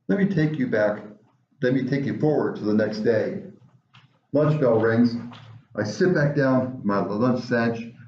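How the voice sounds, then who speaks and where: A man telling a personal story in an animated way, with dramatic pauses. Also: medium pitch. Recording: roomy, dull lo-fi recording.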